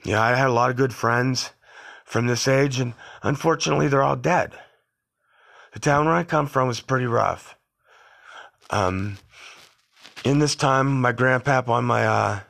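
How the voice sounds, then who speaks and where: Medium-pitched and a bit bright, his voice carries vocal fry. He's a middle-aged podcaster whose casual monologue meanders through blunt, tough-guy anecdotes from when he was young.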